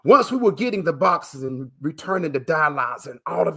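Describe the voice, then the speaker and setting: Here a transplant recipient turned coach is interviewed on a live video call broadcast. His fairly high, expressive, somewhat bright voice runs a little fast with hardly a break, and he preaches emphatically and emotionally, packed with fillers and repetitions, calling the listener "man."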